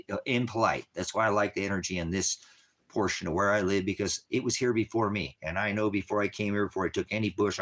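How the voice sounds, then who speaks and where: A man with a somewhat low voice talks to his viewers in a loose, casual livestream. He rambles and repeats himself, swears freely and leans hard on his points. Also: a bit bright. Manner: rambling, profane and emphatic. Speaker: ministry leader.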